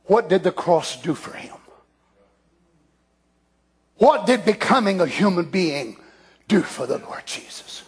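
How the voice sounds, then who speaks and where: A man preaching a fervent sermon, dropping to hushed asides and then rising to shouted declarations. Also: high-pitched, sing-song, unhurried, pauses often, breathy edge. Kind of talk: Pentecostal-style sermon.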